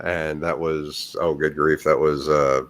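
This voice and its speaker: A man's voice: a bass voice, flat delivery, unhurried, fairly bright tone, no echo. A man in his thirties chatting casually on a panel, hesitant with many fillers. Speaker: panel guest. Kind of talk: casual chat.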